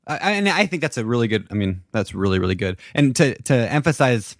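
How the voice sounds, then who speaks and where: A man hosting a casual podcast interview, animated and repeating words as he starts his points. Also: medium pitch, fast, no room sound, studio quality. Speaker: podcast host.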